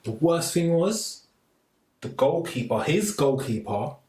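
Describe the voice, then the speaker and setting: A man telling a story in a casual podcast chat, animated and acting out the voices of the people he quotes. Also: fairly high pitch, drawn-out words. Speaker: podcast co-host. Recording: echoey room, slightly distant mic, faint noise.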